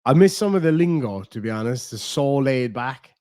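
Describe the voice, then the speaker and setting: A man's voice: mid-range voice, expressive, normal speed, warm tone, no room sound. Profane laid-back Irish man, dry close sound. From Ireland. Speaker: reaction streamer. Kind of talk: casual rambling chat to viewers.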